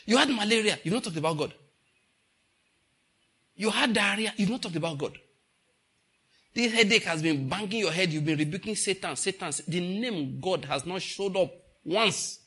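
A middle-aged man with a Nigerian accent preaching a sermon, emphatic, repeating his points and rising to loud bursts. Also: sits high, lively intonation, normal speed, pauses often, husky. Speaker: pastor.

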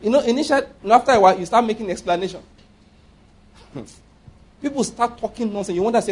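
Husky high-voiced preacher. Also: male voice, quick pace, long pauses. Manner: emphatic, asks the congregation rhetorical questions. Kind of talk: sermon.

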